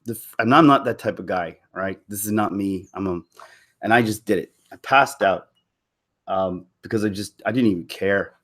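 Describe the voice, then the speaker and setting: A man's voice: lowish voice, moderate pace, a bit bright. A man on a live stream, telling a personal story to his viewers in a candid, rambling way with frequent restarts. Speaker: YouTube commentator.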